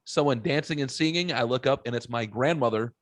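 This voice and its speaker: A man's voice: medium pitch, fairly quick, no room sound, studio quality. A man hosting a podcast, telling rambling stories in casual chat and swearing freely. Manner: rambling, profane storyteller. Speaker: podcast host.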